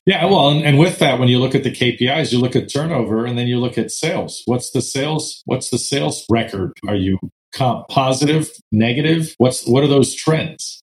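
A man's voice: medium pitch, moderate pace, rough recording. A man who works as a franchise consultant, talking as a guest and explaining earnestly, with fillers now and then. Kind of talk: casual interview talk.

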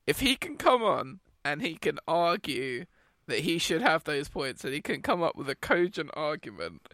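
A man's voice: fairly high pitch, big pitch swings, moderate pace, a bit bright, no room sound, clean studio sound. A British man co-hosting a podcast in casual chat, joking and laughing often. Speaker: podcast co-host.

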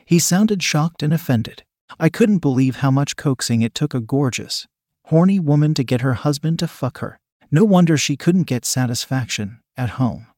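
Male first-person narrator, calm even delivery, dry close sound. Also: a little high, moderate pace, no room sound.

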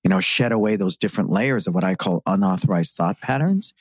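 Man, middle-aged, deep, slightly husky, dry close sound, earnest reflective interview talk. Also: expressive, a little fast, dry recording. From San Francisco. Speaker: guest, martial arts school owner. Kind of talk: podcast interview.

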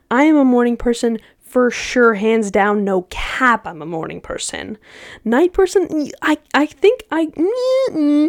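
Young woman, podcast host, casual chat, slangy and animated, dry close sound. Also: sits high, dry recording. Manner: chatty, slangy, animated with laughs.

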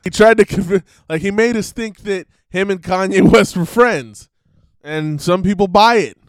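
A man's voice: sits high, unhurried, no room sound. A man hosting a show, giving rambling casual commentary and laughing between thoughts. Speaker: podcast host.

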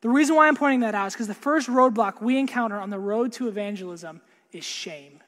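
A man preaching a sermon earnestly, repeating words and dropping to a hush for emphasis. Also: sits high, a little fast. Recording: long hall reverb.

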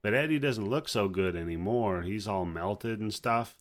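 A man's voice: on the low side, normal speed. A laid-back man casually retelling movie scenes on a podcast, acting out bits of dialogue. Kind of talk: casual film discussion.

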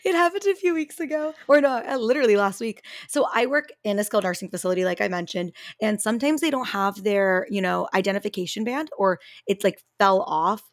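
A woman co-hosting a podcast who tells a story in a quick, animated way, acting out quotes and using plenty of fillers. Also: medium pitch, dry recording, clean studio sound. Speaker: podcast co-host and speech therapy grad student.

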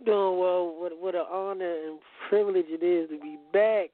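A man's voice: high voice, fairly even intonation, normal speed, dry recording, soft background music. A man as a podcast guest in casual chat, rambling and repeating words as he goes. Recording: tinny phone-like line.

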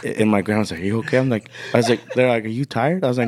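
A man's voice: medium pitch, rapid-fire, darkish tone. A man telling a story in casual podcast chat, swearing a lot, laughing and acting out his relatives' lines. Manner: profane, laughing, acts out relatives in quotes. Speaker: podcast guest.

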